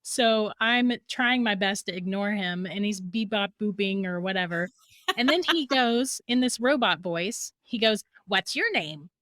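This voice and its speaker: A woman as a podcast guest, telling a story in a lively way and laughing through it. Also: medium pitch, a little slow, no echo, clean studio sound.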